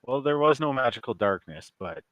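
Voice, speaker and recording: A man's voice: medium pitch, lively intonation, brisk, fairly bright tone, dry recording, dull audio. A man running a tabletop game as dungeon master, joking and teasing his players.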